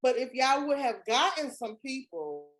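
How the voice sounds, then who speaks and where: A young woman with a Southern US accent co-hosting a casual chat, talking in an animated, emphatic, slangy way. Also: high voice, normal speed. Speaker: podcast co-host.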